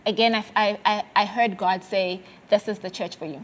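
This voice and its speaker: A woman's voice: medium pitch, fairly even intonation. Earnest South African woman testifying. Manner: earnest, halting, with many fillers and restarts. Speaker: guest sharing a testimony. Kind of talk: conversational testimony.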